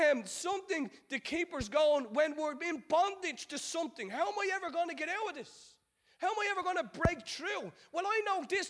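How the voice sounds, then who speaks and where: A man's voice: very high voice, a bit bright. A man preaching a sermon as pastor, building his points with rhetorical questions and repetition, and acting out the voices of the people in his story. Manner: acts out quoted voices of biblical figures.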